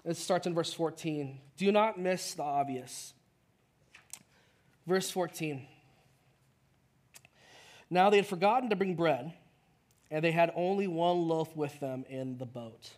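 High-voiced man preaching a sermon. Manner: conversational, acts out quick voices of the people in the story. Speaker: pastor.

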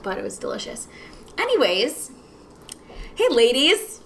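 A woman's voice: sits high, huge pitch swings, unhurried, a little hiss or hum. A young woman co-hosting a podcast in casual, giggly chat full of fillers. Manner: giggly, chatty, lots of fillers. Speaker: podcast co-host.

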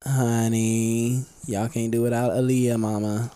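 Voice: medium pitch, level tone, unhurried, mellow, no echo. A young adult podcast co-host in casual chat, easygoing and teasing, with lots of slang.

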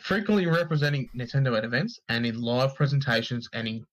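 A man's voice: mid-range voice, fast talker, rough recording. A man co-hosting a podcast, reading gaming news aloud in a casual, sweary, joking way and tripping over names. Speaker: podcast co-host.

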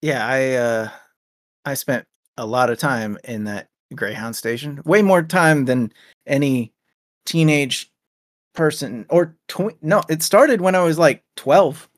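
A man in his thirties, a podcast co-host in relaxed, chatty casual talk with some swearing. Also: mid-range voice, takes it slowly, no echo, studio quality. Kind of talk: casual chat.

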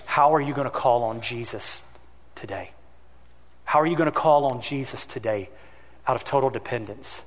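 A man's voice: mid-range voice, moderate pace, pauses often, long reverb tail. A man preaching a sermon as pastor, telling stories animatedly and acting out the voices in them. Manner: animated storytelling, acting out his own shouting.

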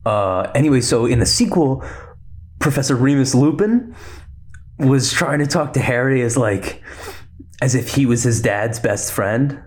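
A man hosting a podcast, chatting casually about films, talking fast and rambling with lots of fillers and restarts. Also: mid-range voice, lively intonation. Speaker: podcast host. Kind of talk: casual rambling film chat.

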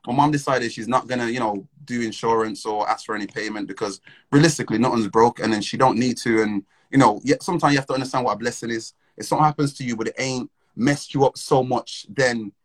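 Young man, casual storyteller, slangy and animated, middle-pitched voice, laughs often. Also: fast talker, poor audio. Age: young adult.

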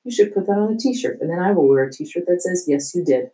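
A woman's voice: on the low side, lively intonation, fast, natural voice, poor audio. A woman reading aloud, voicing a flustered, blustering male school principal who insists nothing is wrong. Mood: exasperated. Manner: loud, insistent, denying the obvious.

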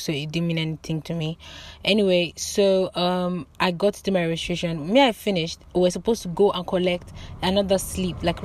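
Lively woman telling a story. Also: lowish voice. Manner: animated, dramatic storytelling with loud exclamations; swears casually. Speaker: vlogger. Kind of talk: casual storytime to camera.

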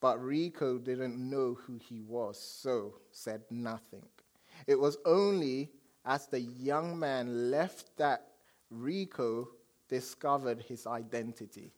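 A man preaching a sermon as a pastor, telling stories with dramatic swings from loud declarations to hushed asides. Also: mid-range voice.

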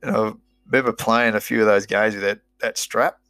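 A middle-aged Australian man with a low, gravelly voice tells his story casually. He talks in a blunt, rambling way and swears freely, like an old footy player yarning with his mates. The sound is dry and close, with no room echo. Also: little pitch movement, fairly quick, a bit bright. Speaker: former rugby player.

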